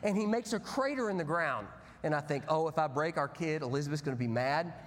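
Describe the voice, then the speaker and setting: A man, a pastor preaching, with a fairly high and very lively voice. He tells his stories with bursts of volume, then drops low and quiet. His voice carries a long reverb through a large sanctuary. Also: a little fast. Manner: animated storytelling, swinging from loud to hushed. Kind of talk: sermon. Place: church sanctuary.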